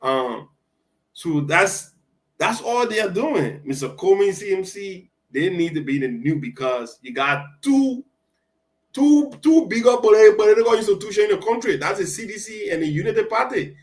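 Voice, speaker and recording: A man co-hosting a casual political talk show, talking in halting bursts with many restarts. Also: high-pitched, big pitch swings, poor audio.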